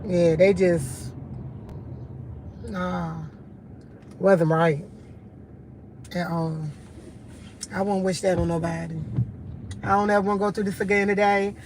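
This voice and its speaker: A woman's voice: lowish voice, steady tone, takes it slowly, long pauses, darkish tone, poor audio. Chatty fired-up woman in aave, live stream outside, traffic noise behind her. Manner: indignant, chatty storytelling. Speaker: vlogger. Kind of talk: casual live-stream chat.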